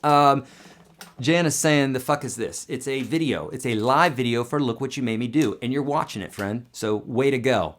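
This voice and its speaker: During a live stream, a man walks viewers through a song on guitar, chatting casually and breaking into sung lines to show how it goes. His voice is medium-pitched at a moderate pace, with loud guitar playing behind it.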